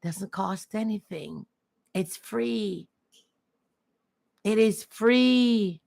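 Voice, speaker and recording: A woman's voice: mid-range voice, drawn-out words, gravelly, a little mellow. A woman chatting casually and earnestly on her first livestream, repeating herself often. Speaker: livestream host.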